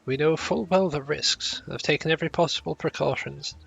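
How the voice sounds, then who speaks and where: A man's voice: fairly high pitch, a little fast, vocal fry, a bit bright, husky, lo-fi sound, faint music behind, heavily acted. A man voicing an earnest, formal young male scholar in a game, stumbling over some of the words.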